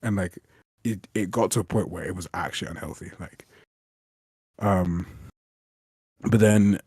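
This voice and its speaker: A man's voice: sits low, a little slow, slightly rough, dry recording, studio quality. A young man, a game developer chatting casually on a stream, rambling and swearing as he tells stories. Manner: rambling, swearing, animated retelling. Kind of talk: casual chat.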